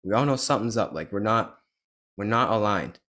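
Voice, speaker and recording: A man with a fairly low voice hosting a podcast, speaking earnestly and leaning into his points. His tone is conversational and sincere. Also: lively intonation, a little fast, fairly bright tone. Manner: earnest, emphatic. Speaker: podcast host. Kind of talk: casual conversation.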